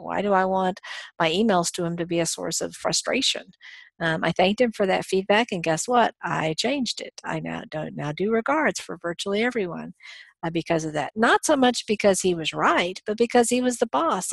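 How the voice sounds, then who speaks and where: A woman talks through a college lecture in a relaxed, conversational way, pausing on ums and restarting her sentences. Her voice sits a little low. The recording is dry and close to the mic, with no room sound. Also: vocal fry, no room sound. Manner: conversational, thinks aloud with fillers and self-corrections.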